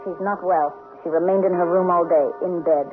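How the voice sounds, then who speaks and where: An actress playing a discreet, deferential maid. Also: female voice, lowish voice, fairly even intonation, brisk, natural voice. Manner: deferential, formal, hushed replies. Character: dutiful, discreet young lady's maid. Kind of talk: 1970s-80s radio drama acting. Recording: tinny old radio broadcast, faint music.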